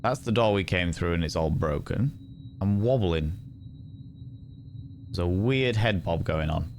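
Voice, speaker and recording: Low-voiced man muttering through a game. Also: lively intonation, a little slow, darkish tone, faint music behind. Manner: thinks aloud in short muttered remarks. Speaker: gaming streamer. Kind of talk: live gameplay commentary.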